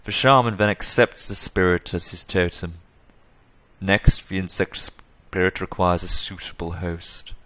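Smug elf guy lecturing, sarcastic, low voice, dry, played by a man. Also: unhurried, sharp tone, dry recording. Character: long-winded male elf, flippant and condescending.

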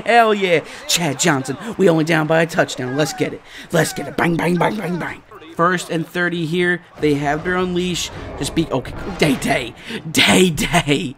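A man hosting a gaming channel, giving live let's-play commentary and reacting excitably to each play. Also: fairly high pitch, a little fast. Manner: excitable, yelling and groaning at plays.

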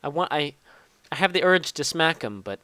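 Profane rambling young gaming YouTuber. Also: male voice, fairly high pitch, lively intonation, moderate pace, sharp tone, dry recording. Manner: rambling, profane, self-mocking. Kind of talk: casual gameplay commentary.

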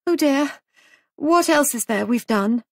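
A woman voicing an anxious young wife who runs a guest house, raising her voice higher and speaking in a worried, plaintive way. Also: expressive, slow pace, no echo, clean studio sound, exaggerated voice. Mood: fretful.

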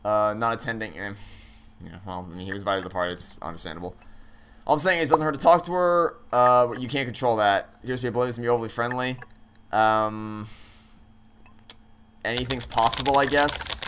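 A man's voice: fairly low pitch, bright, forceful tone, a little hiss or hum. A man playing through a story game, thinking aloud with hesitant, stammering restarts and casual swearing. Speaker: let's play gamer.

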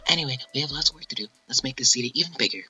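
A man voicing a fast-talking female royal advisor in a game, in a breathy half-whisper. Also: very deep voice, lively intonation, bright, forceful tone, full character voice, low-quality recording. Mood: brisk.

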